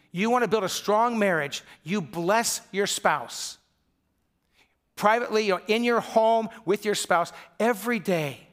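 A middle-aged man from Michigan delivers a sermon as pastor, his voice sitting noticeably high. He talks in a loose, conversational way and acts out the quoted voices of husbands, wives and friends in his stories. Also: a bit bright.

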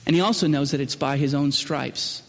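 A pastor with a high voice delivers a sermon to his congregation, posing question after question. He surges into loud, emphatic peaks, then sinks low for solemn moments. The sound is muffled and trails off in a long church-hall reverb. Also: moderate pace.

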